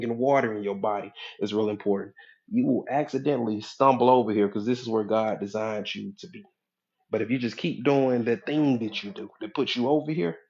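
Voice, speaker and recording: A man with a mid-pitched voice coaching his listeners in a preachy, conversational motivational talk. He keeps checking in with a quick "okay?" as he drives each point home. The recording sounds slightly dull and lo-fi. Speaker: hypnotherapist and life coach.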